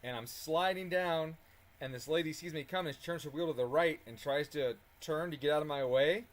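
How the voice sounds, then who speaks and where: Man, higher-pitched, casual and animated storyteller, swears and chuckles while he works in the garage. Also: a little fast. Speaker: car tuning channel host.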